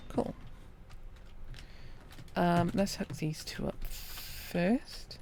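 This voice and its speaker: Calm, gravelly-voiced woman streamer. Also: fairly low pitch, extremely slow, a little hiss or hum. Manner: calm, thinking aloud while playing. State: hiccuping. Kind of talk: quiet gameplay commentary.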